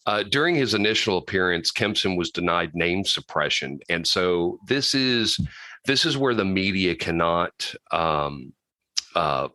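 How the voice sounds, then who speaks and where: A man's voice: low voice, animated, a little slow, sharp tone, no room sound, low-quality recording. A man co-hosting a podcast, casually recapping a true-crime case from notes, with frequent restarts and side comments. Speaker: podcast co-host.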